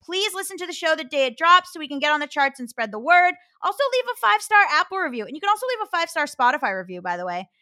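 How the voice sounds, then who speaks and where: An American woman hosting a podcast, chatting excitably and laughing often. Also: sits high, very fast, few pauses. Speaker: podcast host. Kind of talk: casual podcast chat.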